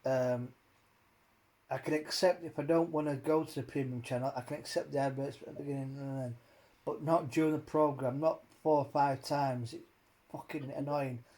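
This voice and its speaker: A man's voice: mid-range voice, steady tone, normal speed, darkish tone. A man hosting a casual chat, rambling and swearing as he rants with many fillers. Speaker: host.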